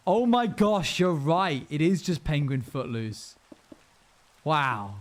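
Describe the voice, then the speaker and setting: A man's voice: on the high side, big pitch swings, slow. Rambling, self-amused young man streaming. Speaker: live streamer. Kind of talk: casual gaming stream chatter.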